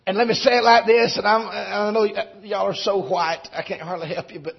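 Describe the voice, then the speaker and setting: A man preaching a sermon, shifting from quiet storytelling to shouted preaching. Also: sits high, steady tone, fairly quick, creaky, husky. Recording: dull lo-fi recording.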